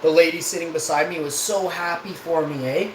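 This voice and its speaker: A man's voice: a little high, steady tone, a little fast. A man, a live streamer telling a casual, rambling and profane story. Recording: echoey room with background noise.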